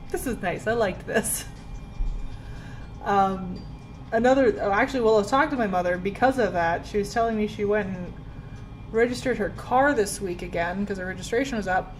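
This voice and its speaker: A woman's voice: medium pitch, fairly quick, rough recording. Chatty young woman, faint music behind. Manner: chatty, self-deprecating, full of "like". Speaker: beauty vlogger. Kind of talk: casual get-ready-with-me chat. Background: soft background music.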